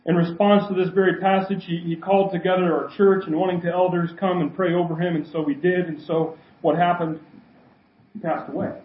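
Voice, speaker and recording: A pastor with a high voice for a man delivers a sermon and keeps turning rhetorical questions on his listeners. His words ring around a reverberant church. The sound is slightly muffled and dull. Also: level tone, fairly quick. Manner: asks the congregation many rhetorical questions.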